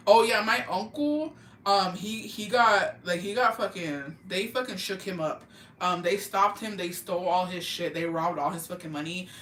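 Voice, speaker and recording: A woman's voice: fairly low pitch, normal speed, fairly bright tone, slight background noise. A woman from Texas telling stories in casual chat, profane and gossipy, mixing in Spanish words. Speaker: livestream host. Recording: roomy echo.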